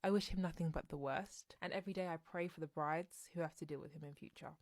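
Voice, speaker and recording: A young woman telling a personal story in a casual storytime vlog, animated and exasperated. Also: low-pitched, quick pace.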